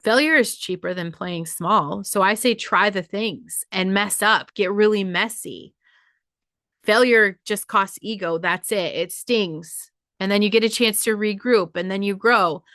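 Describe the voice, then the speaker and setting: A woman's voice: mid-range voice, a little slow, a bit bright, no room sound, clean studio sound. A woman hosting her own podcast, delivering a blunt, profane motivational monologue straight to her listeners. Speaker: podcast host.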